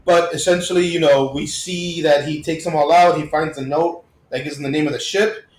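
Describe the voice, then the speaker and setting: A man with a slightly high voice talks casually on a podcast and recaps comic book plots in upbeat detail. His voice bounces around an echoey room. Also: steady tone, a little fast, a little hiss or hum. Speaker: podcast co-host. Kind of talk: casual chat.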